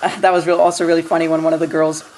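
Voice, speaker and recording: A woman's voice: deep voice, flat delivery, racing, darkish tone, rough recording. A young adult woman giving a casual, ranting movie review, rambling with constant fillers and restarts, swearing freely and laughing between points. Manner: rambling, full of "like" and restarts, profane, breaks into laughter. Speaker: film reviewer.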